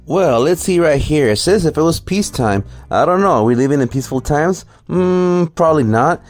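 A man's voice: on the high side, animated, brisk, hardly any pauses, soft background music. A man hosting a ranting, profane, mocking reaction commentary. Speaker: commentary host.

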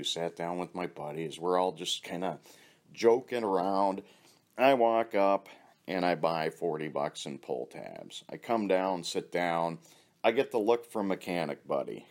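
A man with a very low, deep voice spins loose, rambling stories in a casual, offhand way. He swears freely and chuckles at his own jokes as he goes. The tone is relaxed and conversational, as if talking to a friend. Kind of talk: casual storytelling.

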